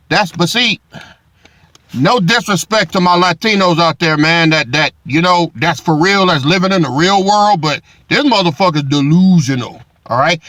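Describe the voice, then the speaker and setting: A man's voice: fairly high pitch, bright, forceful tone, no echo. A man giving profane reaction commentary in a mocking way, often repeating "dog". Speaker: online commentator.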